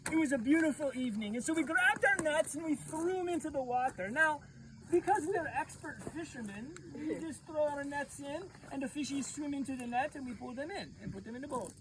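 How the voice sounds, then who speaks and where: A high-voiced woman youth pastor tells a Bible story as if she lived it, playful and animated, speaking straight to her listeners. A faint hiss of noise sits under the recording. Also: a little fast. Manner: animated, playful, addresses the audience directly. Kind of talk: acting out a Bible story as a first-person storyteller.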